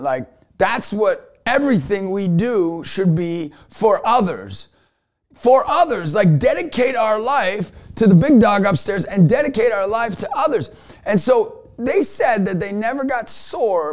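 A man with a high, bright-pitched voice delivers a motivational talk straight to camera. He tells his stories with big energy and often bursts into shouts, like a youth basketball coach firing up his team. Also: animated, a little slow.

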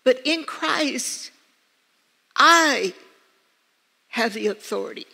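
A high, gravelly voice, pushed and bright with lively intonation, comes slowly from an older American woman preaching as pastor. She tells personal stories with earnest, emphatic repetition, and the church sanctuary adds long reverb.

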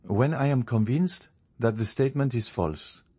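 A man voicing a calm, faintly mocking young male journalist in an audiobook, speaking in a composed, measured way. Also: medium pitch, husky, pitched above the performer's own voice. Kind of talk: audiobook character reading.

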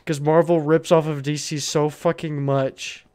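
A man's voice: fairly high pitch, flat delivery, measured pace, darkish tone, clear, resonant tone. Profane ranting young gamer guy. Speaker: gamer co-host. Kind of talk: casual let's-play commentary.

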